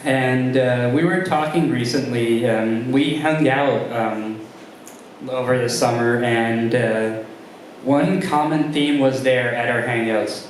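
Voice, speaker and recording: Halting young man doing stand-up. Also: medium pitch, recorded from a distance, slight background noise. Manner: halting delivery with many ums and restarts. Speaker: stand-up comedian. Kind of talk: stand-up comedy set. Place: comedy club room with a live audience. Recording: very roomy live room sound.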